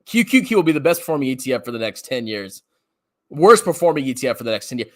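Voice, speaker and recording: A man's voice: mid-range voice, sing-song, fast, a bit bright. A man ranting as a finance commentator on a livestream, mocking and laughing often while answering chat questions.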